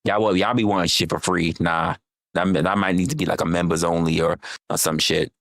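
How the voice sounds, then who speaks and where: An American man chatting casually on his livestream, animated and rambling, swearing freely and teasing his chat. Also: deep voice, a little fast, gravelly, dry recording, studio quality. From United States. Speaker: livestream host.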